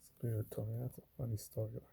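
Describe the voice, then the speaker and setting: A man's voice: fairly low pitch, level tone, fast talker, creaky, background noise. A man talking in a loose, meandering way while sorting coins, with lots of fillers and cursing. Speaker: coin roll hunter. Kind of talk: casual rambling vlog talk.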